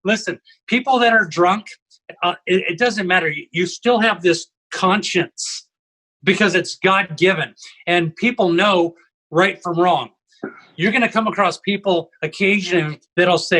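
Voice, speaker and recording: A man's voice: high-pitched, a little slow, pushed and bright, poor audio. A man co-hosting a casual discussion from home over a video call, telling stories and tagging his points with "right?". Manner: storytelling, tags lines with "right?". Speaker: co-host, evangelism trainer.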